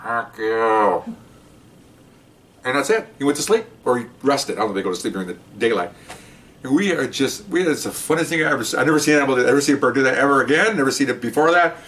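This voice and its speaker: A man's voice: mid-range voice, very fast. An older man, a retired police officer, telling a casual, chuckling anecdote to camera. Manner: animated, chuckling, folksy. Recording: distant mic with faint ambient noise.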